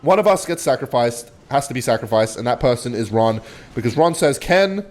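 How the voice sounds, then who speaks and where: Man, rambling comic storyteller. Swears freely and swings between high excited bursts and muttered low asides. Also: a little fast.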